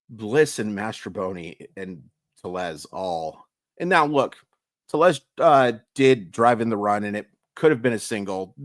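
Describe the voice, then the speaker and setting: Male recap host, low-pitched, exasperated and emphatic, dry close sound. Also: dry recording. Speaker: sports YouTuber. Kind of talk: daily baseball recap vlog.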